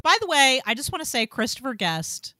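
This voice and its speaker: A woman hosting a casual film podcast, animated and swearing freely, with lots of "like". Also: sits high, a little fast, soft background music. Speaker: podcast host.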